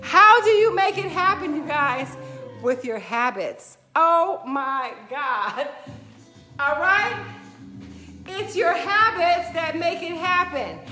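Very high, bright-voiced upbeat fitness host. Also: female voice, animated, slow pace, soft background music. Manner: upbeat and emphatic, tags lines with "right?", repeats phrases; greets viewers by name mid-talk. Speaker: fitness instructor hosting a live workout stream. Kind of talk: motivational live-stream talk.

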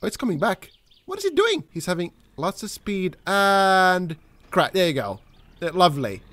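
Excitable young man gaming, high lively voice. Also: moderate pace, dry recording. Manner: excitable, swears and yells at game characters. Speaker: gaming channel host. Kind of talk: let's play commentary.

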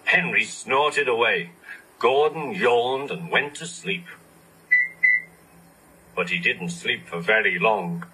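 Animated man reading a storybook. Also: fairly low pitch, measured pace, husky, low-quality recording. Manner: expressive, animated. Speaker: narrator. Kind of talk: storybook read-aloud.

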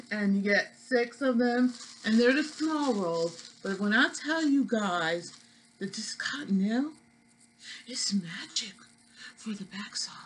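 A woman's voice: mid-range voice, fairly bright tone, a little hiss or hum, low-quality recording. Chatty New York woman vlogger. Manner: chatty, folksy, addresses viewers as y'all. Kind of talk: casual product haul vlog.

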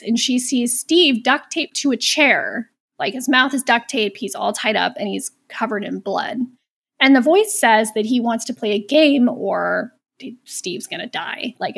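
Sarcastic woman cohost recapping a movie, kinda high voice, casual chat. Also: gravelly, fairly bright tone, husky. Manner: chatty, sarcastic, swears freely. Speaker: podcast co-host.

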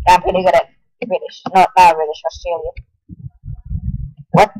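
A young man giving casual, excitable commentary while playing a game. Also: high-pitched, normal speed, long pauses, dry recording, rough recording. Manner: excitable, yelps and exclaims at game events. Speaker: gamer.

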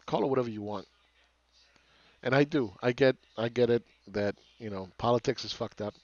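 A man's voice: mid-range voice, moderate pace, darkish tone, dry recording, highs cut off. A man ranting as a market commentator, sarcastic and profane, who often repeats words and restarts his phrases.

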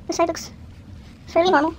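A woman, speaking to the camera in a casual vlog. Her voice sits very high, and she keeps exclaiming and talking to herself nervously. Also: fairly even intonation, fairly quick, a little hiss or hum. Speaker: vlogger.

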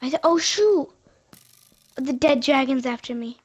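A woman hosting a gaming channel, chatting casually while she plays, quick to react and often repeating herself. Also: high-pitched, animated, highs cut off, slight background noise. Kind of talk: casual chat while playing a video game.

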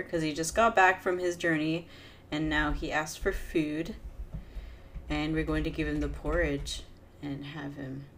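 Slow-talking woman playing a game. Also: low voice. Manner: reads game text aloud between chatty asides. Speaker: let's play gamer. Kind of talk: casual let's play commentary.

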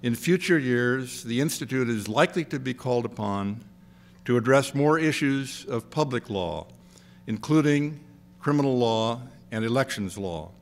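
An older man, the outgoing president of an institute, giving a measured, gracious after-dinner speech with touches of dry humor. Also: mid-range voice, expressive.

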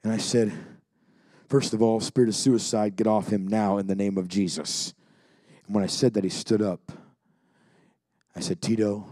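A man's voice: lowish voice, husky, no room sound. Fervent male preacher, dry close sound. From Alaska. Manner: builds to shouting, then drops to quiet storytelling. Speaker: pastor. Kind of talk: Pentecostal sermon with storytelling.

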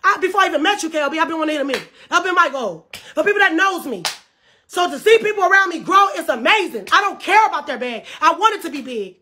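Very high-voiced woman ranting. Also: expressive, fast talker, bright, forceful tone. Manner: profane and heated. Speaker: livestreamer. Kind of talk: livestream rant.

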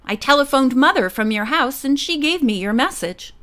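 A woman's voice: high-pitched, animated, moderate pace, a bit bright. A woman voicing a friendly young college man explaining in an easygoing way.

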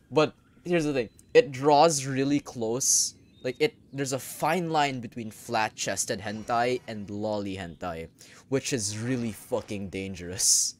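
A young man giving casual gameplay commentary, crude and excitable, breaking into sudden loud outbursts. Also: mid-range voice. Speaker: gaming YouTuber. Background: faint game music.

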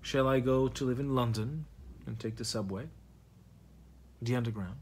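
A man's voice: medium pitch, normal speed, darkish tone, a little hiss or hum. A man who does stand-up, telling a rambling, profane, absurd story straight to camera. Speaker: comedian vlogger. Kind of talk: rambling comic monologue to camera.

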